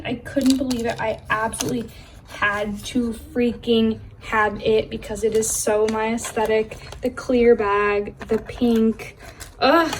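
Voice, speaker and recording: Young woman gushing over her stuff in her room, kinda high voice, giggly, faint room hum. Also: a little mellow. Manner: bubbly, gushing, laughs often. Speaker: vlogger showing her collection. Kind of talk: casual room tour vlog.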